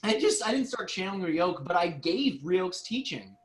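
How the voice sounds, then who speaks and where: A man co-hosting a casual online chat, telling stories in an animated way and laughing often. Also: sits high, normal speed, poor audio. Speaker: co-host.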